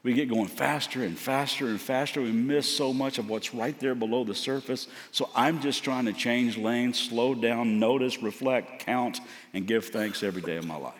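A man's voice: mid-range voice, normal speed. A man giving a sermon as a guest preacher, telling a story in a conversational, earnest way. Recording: long hall reverb.

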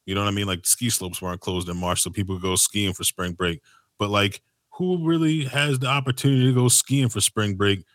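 A man's voice: lowish voice, fairly quick, a bit bright, no room sound, clean studio sound. A man hosting a casual podcast conversation, rambling and filling his talk with "like" and "you know what I mean".

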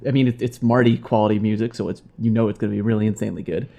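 A man hosting a casual podcast, recapping the story for listeners in a relaxed way with fillers. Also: lowish voice, racing, gravelly. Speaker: podcast host.

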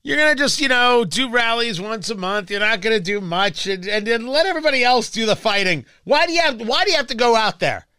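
Man, talk radio host, high lively voice, bright and dry, emphatic and sarcastic. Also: a little fast, few pauses, clear, resonant tone, no echo. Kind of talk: political talk radio commentary.

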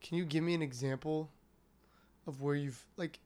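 A man's voice: on the high side, steady tone, normal speed, darkish tone. A man co-hosting a casual podcast, asking hesitant, searching questions. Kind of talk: casual discussion.

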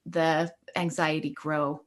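A woman's voice: low-pitched, level tone, slow pace. A middle-aged woman, a school counselor, telling a personal story in an earnest, encouraging way during a casual podcast conversation.

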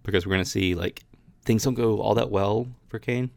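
A man's voice: fairly low pitch, moderate pace, vocal fry. A man hosting a podcast, reading Bible passages aloud and talking them over casually, with frequent restarts. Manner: reads scripture aloud then chats about it with many restarts. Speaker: podcast host.

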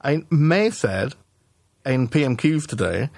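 A man co-hosting a casual political podcast, talking in halting restarts and swearing as he builds his argument. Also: mid-range voice, expressive, creaky, darkish tone, no room sound, clean studio sound. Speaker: podcast co-host.

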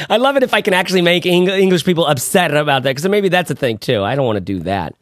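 A man's voice: on the high side, big pitch swings, fast talker, hardly any pauses, a bit bright, no room sound, clean studio sound. A man co-hosting a podcast in casual chat, jokey and rambling, often stumbling over his words. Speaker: podcast co-host.

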